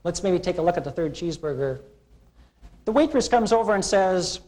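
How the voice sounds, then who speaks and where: Animated man lecturing with playful stories. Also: fairly high pitch, fast. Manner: animated storytelling, acting out quoted characters. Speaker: college instructor. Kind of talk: classroom lecture with humorous analogies. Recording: 1980s classroom video recording.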